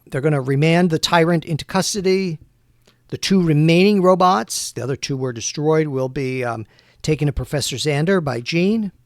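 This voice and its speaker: A man's voice: on the high side, dry recording, clean studio sound. A man narrating a solo tabletop role-playing game as game master, in a casual, rambling way.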